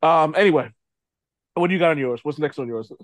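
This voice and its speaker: A man hosting a casual podcast chat, animated, swearing and laughing a lot. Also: a little high, a little fast, no room sound. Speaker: podcast host.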